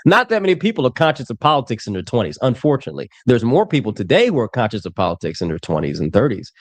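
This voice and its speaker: A man in his twenties talking fast and bluntly, pressing his opinions hard in a casual panel chat. His voice is dry and close, with nothing of a room around it. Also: mid-range voice, very animated, no room sound. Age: 20s. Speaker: panel commentator.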